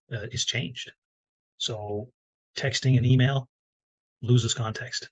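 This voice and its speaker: A man giving a relaxed, conversational talk as a business coach, with frequent fillers. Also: lowish voice, husky, low-quality recording. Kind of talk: instructional talk to camera.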